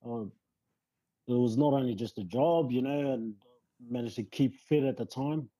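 A man, a rugby league player telling his story as a guest in a casual interview, relaxed and rambling with lots of fillers. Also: mid-range voice, moderate pace, breathy edge, dry recording, low-quality recording. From New Zealand.

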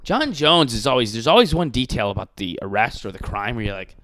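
A young man in casual podcast chat, telling stories in a profane, animated way. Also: medium pitch, fairly quick.

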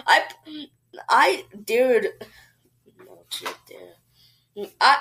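A woman hosting a casual podcast chat, giggly and playful, often breaking into squeals and shouts. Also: a little high, big pitch swings, slow pace. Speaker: podcast host.

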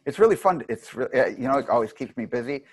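A middle-aged man, a martial arts teacher, telling long anecdotes in a rambling, animated way with many restarts. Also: medium pitch, quick pace, husky, dry recording. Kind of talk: casual storytelling interview.

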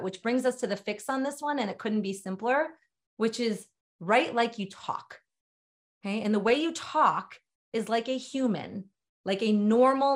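A middle-aged woman leading a webinar on sales writing, talking in an emphatic, direct and conversational way. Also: medium pitch. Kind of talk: webinar training talk.

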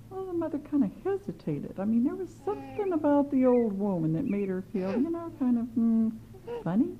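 A woman telling a children's story in an animated way, with chatty asides to the kids. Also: a little high, brisk. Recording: slightly muffled with faint hiss.

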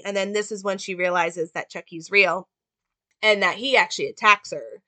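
A woman's voice: mid-range voice, steady tone, normal speed, sharp tone, dry recording. A woman giving casual film commentary in a chatty, rambling way with many fillers. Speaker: movie reviewer.

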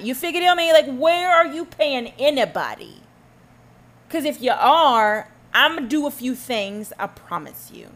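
A woman's voice: high-pitched, big pitch swings, a little slow, a bit bright. A woman hosting a solo podcast, ranting emphatically and sarcastically, firing rhetorical questions and humming asides. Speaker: podcast host.

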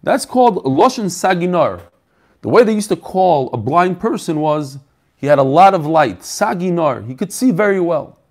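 Talmud teacher, male, slightly high voice, conversational, talks himself through questions and repeats phrases. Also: expressive, normal speed, a little mellow. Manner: mixes Yiddish-flavored terms into English. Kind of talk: daf shiur, teaching aloud.

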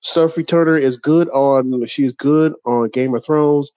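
A man's voice: fairly high pitch, measured pace, no echo, lo-fi sound. A man co-hosting a podcast, ranting in casual chat with lots of restarts. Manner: animated, ranting, many restarts. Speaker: podcast co-host.

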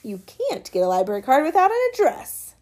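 A woman voicing a feisty, sharp-tongued young girl in an audiobook, taunting and scolding. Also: high voice, huge pitch swings, a little fast, pitched above the performer's own voice. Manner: taunting, scolding, sometimes yelling. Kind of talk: audiobook character reading.

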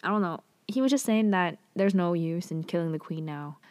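A woman's voice: lowish voice, a little fast, darkish tone, no echo, clean studio sound. A woman casually recapping a TV drama's plot, full of "like" and "um" fillers and offhand asides.

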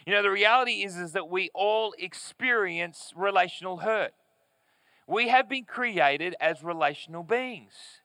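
Bright-voiced man preaching a sermon. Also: sits high, dry recording. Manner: earnest, emphatic preaching with deliberate pauses. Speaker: pastor. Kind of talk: sermon with scripture reading. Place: church service in front of a screen.

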